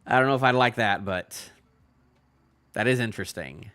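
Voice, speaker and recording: A man with a bright, forceful voice at an ordinary middle pitch talks through a reaction in loose, casual commentary. He rambles, leans on "you know" constantly, and lets many sentences trail off in a low-key mumble. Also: moderate pace. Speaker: manga reaction channel host.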